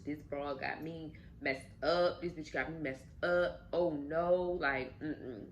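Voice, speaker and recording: A woman's voice: low-pitched, slow pace, muffled recording, slight background noise. Woman voicing a jealous stalking ex-boyfriend. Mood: muttering. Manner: menacing, pleading then angry.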